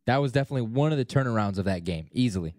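A man's voice: medium pitch, animated, rapid-fire, a little mellow, no room sound, clean studio sound. A man co-hosting a sports chat, chiming in with brief, agreeable remarks. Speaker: co-host.

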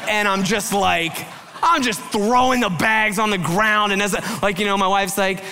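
Male pastor, bright and fairly high voice, preaching a candid personal story in a sermon. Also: steady tone, normal speed, in a large hall, slight background noise. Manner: candid storytelling with acted quotes; loose, filler-heavy talk.

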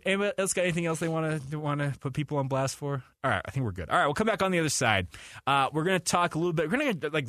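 A man hosting a sports radio show in a studio, bantering casually with animated, chuckling rants. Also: fairly high pitch, no room sound.

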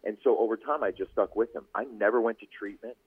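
Speaking fast in a lowish, somewhat rough voice, this podcast host and news anchor recounts his own story as a guest on a relaxed radio show. He's a lively storyteller who performs the voices of those he quotes, heard over thin phone-line radio sound.

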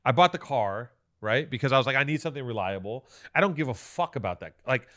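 A podcast co-host tells a long, meandering story in loose chat, swearing frequently and breaking off to restart his sentences. His voice is mid-range and fairly bright, with lively intonation and a quick pace.

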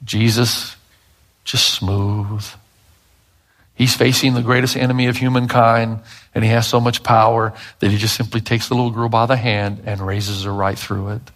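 A middle-aged male pastor preaching a sermon, emphatic and dramatic, swinging between loud bursts and hushed asides. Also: medium pitch, little pitch movement, a little fast.

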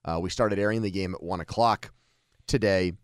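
A man's voice: low-pitched, steady tone, moderate pace, clear, resonant tone, dry recording, clean studio sound. A man hosting a sports radio show, chatting casually and teasing his co-host.

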